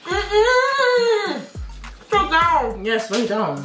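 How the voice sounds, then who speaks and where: Far from the mic, a woman with a mid-range, animated, unhurried voice vlogs a spicy food challenge. She is playful, groaning and mumbling through mouthfuls. The room is echoey, with music playing behind her.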